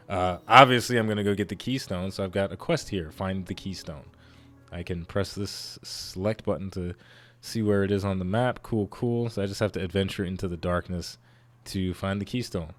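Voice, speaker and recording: A low-voiced man narrating his own playthrough in a loose, rambling way. He gets excited at sudden moments and restarts his sentences often. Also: brisk. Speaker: let's play host. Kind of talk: casual gameplay commentary.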